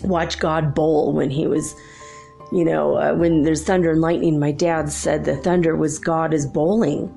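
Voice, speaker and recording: A woman's voice: low voice, unhurried, gravelly, soft background music. A woman hosting her own spiritual channel, chatting casually and telling a childhood story with frequent laughter. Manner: chatty, laughs often, lively retelling.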